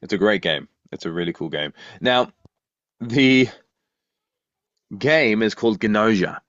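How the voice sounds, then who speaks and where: A man with a low-pitched voice talks casually as a podcast co-host, often restarting his sentences and throwing questions back. The sound is a bit muffled and lo-fi, with very little room around it. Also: lively intonation, unhurried, fairly bright tone, no echo. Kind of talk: casual chat.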